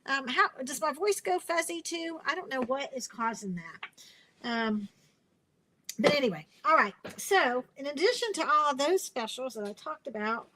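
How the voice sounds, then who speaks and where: A woman's voice: high voice, animated, measured pace, sharp tone, low-quality recording. A woman hosting a casual craft live stream, chatty and rambling, with lots of fillers and restarts, and she sounds tired.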